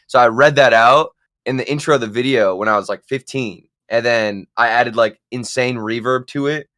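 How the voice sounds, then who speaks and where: Smooth-voiced young man rambling casually. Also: medium pitch, normal speed, no room sound, clean studio sound. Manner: rambling storyteller, trails off quietly. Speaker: podcast guest. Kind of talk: casual chat.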